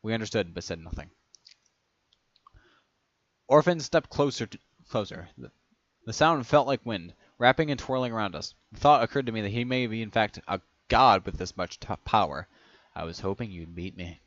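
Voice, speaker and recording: A man's voice: lowish voice, lively intonation, moderate pace, fairly bright tone, dry recording, muffled recording. A man reading a first-person fan story aloud, who often stumbles and corrects himself as he reads. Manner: stumbling over words, self-correcting as he reads.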